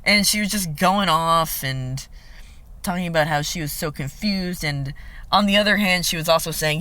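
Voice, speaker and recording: A man's voice: a little high, moderate pace, pushed and bright. A young man talking frankly in a personal vlog, venting bluntly and swearing freely, with frequent filler ums. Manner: blunt and heavily profane. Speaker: vlogger.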